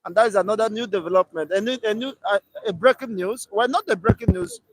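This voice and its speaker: A man with a Nigerian accent hosting a casual talk show and telling lively stories. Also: high voice, quick pace, poor audio. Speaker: host.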